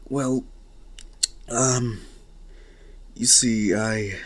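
A man's voice: mid-range voice, steady tone, extremely slow. A man voicing a nervous, eager young man who stammers and pleads to join a group.

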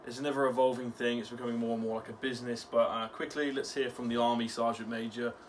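A young man, an ex-soldier, chats casually on his vlog. He swears freely and pads his talk with fillers, at an ordinary mid pitch. Faint room ambience sits behind him. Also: flat delivery, fast, slight background noise. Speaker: vlogger, ex-soldier.

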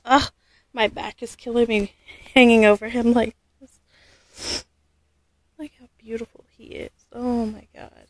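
A woman vlogging an unboxing, gushing and halting, often losing her words. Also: a little high, level tone, no echo. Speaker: vlogger unboxing a reborn doll. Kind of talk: casual unboxing vlog.

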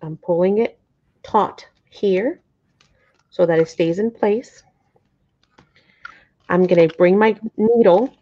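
A middle-aged woman takes things slowly and pauses often as she hosts a live craft tutorial in a medium-pitched voice. Chatty yet a bit flustered, she checks in with viewers again and again. Camera framing troubles leave her apologetic, and the recording is dull and lo-fi.

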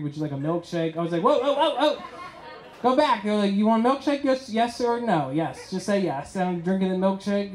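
A man's voice: on the high side, a little mellow, reverberant, a little hiss or hum, rough recording. A man performing a stand-up comedy set in a club, telling stories and acting out the dialogue. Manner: storytelling with acted-out dialogue.

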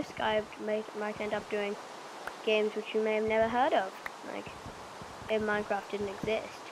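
A young woman casually commenting on her game play, rambling playfully and acting out silly imagined conversations. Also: mid-range voice. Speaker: let's play gamer. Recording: noisy home mic recording.

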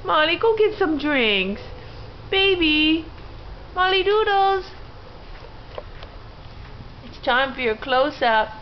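A woman's voice: sits high, very animated, slow pace, pauses often. A woman filming her puppy at home on a handheld camera, talking to it in a doting, sing-song, teasing way, with a dog barking behind her, in a dull home video with background noise. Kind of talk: home video baby talk to a pet. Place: home, indoors.

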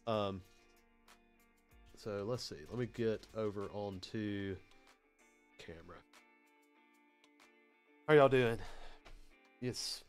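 A man's voice: on the low side, slow pace, long pauses, smooth, soft background music. A man with a Southern US accent hosting a live technical training session, chatty and rambling with lots of fillers. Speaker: PLC training host. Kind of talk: casual live-stream technical lesson.

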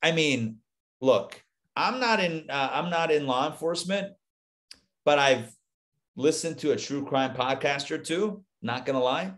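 A man teaches a live Torah class, retelling the scripture in an animated, conversational way. His voice sits a little high for a man, and he slips into the characters' lines with casual asides between them. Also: a little slow. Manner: animated storytelling, acts out the biblical lines, chatty asides.

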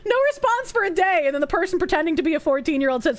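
A woman's voice: very high voice, animated, fast talker, hardly any pauses, slight background noise. A young woman streaming live, reading messages aloud and reacting in a blunt, profane, openly disgusted way.

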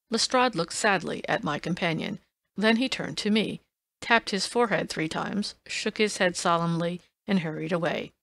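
A woman narrating a classic story as an audiobook, in even, unhurried storytelling. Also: fairly low pitch, vocal fry, no echo. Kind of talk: scripted narration.

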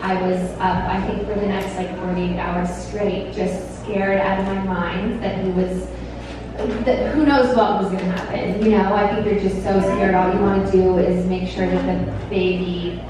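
A woman's voice: mid-range voice, flat delivery, moderate pace. A woman and parent giving an earnest, reflective personal account at an event. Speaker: parent speaking at a product event. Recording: very echoey hall from far off, noisy.

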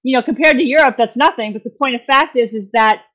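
A woman's voice: on the high side, fast talker, fairly bright tone. A woman guest on a podcast, explaining at length in a casual, rambling way, full of fillers and restarts and folksy phrasing.

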